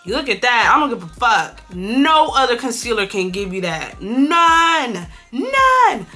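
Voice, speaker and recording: A woman's voice: mid-range voice, normal speed, soft background music. A young woman from California chatting bluntly and with plenty of swearing while doing a makeup tutorial. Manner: blunt, profane, animated gossip. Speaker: beauty vlogger.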